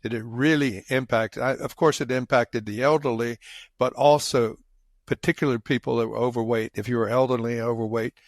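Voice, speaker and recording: A man co-hosting a podcast, chatting casually and haltingly, restarting his sentences. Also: mid-range voice, steady tone, dry recording. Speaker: podcast co-host. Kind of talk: casual chat.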